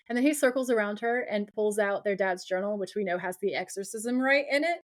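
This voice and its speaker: A woman's voice: a little high, quick pace, hardly any pauses. A woman podcast co-host recapping a TV episode in casual chat, acting out the characters' lines and swearing freely. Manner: animated, acts out quoted dialogue, swears casually.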